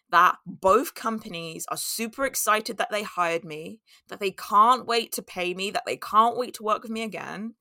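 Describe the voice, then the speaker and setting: A woman's voice: mid-range voice, bright, forceful tone, no echo, clean studio sound. A young woman telling a candid, reflective personal story in a monologue, now and then acting out her own inner voice.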